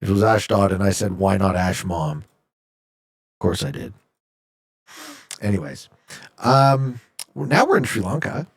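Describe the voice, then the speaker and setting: A man's voice: fairly low pitch, lively intonation, unhurried, gravelly, pauses often, husky. A man streaming a game, casually reading viewer chat aloud and joking as he answers, from Canada. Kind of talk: casual live-stream chat while gaming.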